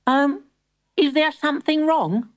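A woman's voice: sits high, unhurried, pitched above the performer's own voice. A woman voicing a polite, earnest little boy who does his granny's shopping in a storybook. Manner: eager and polite. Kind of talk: storybook character voice.

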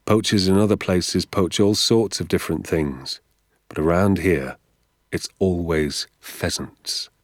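A man doing a gentle, confiding father. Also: low voice, no room sound, clean studio sound. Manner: slow, hushed confiding.

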